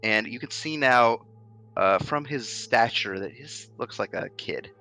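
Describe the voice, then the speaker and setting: A man's voice: mid-range voice, unhurried, gravelly, bright, forceful tone. A man narrating as game master of a tabletop game, describing scenes with fillers and restarts.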